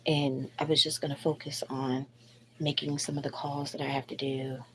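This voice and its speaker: A woman's voice: extremely low pitch, little pitch movement, moderate pace, fairly bright tone, slight background noise. A woman hosting a late-night live stream from home on her phone, talking bluntly and with lots of swearing, rambling while sick with the flu. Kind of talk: casual live stream venting.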